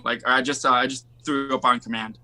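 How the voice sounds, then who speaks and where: A man's voice: medium pitch, little pitch movement, a little fast, pushed and bright. A man in his twenties, a musician guest on a podcast, telling rambling stories in casual chat and leaning on filler words. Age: 20s.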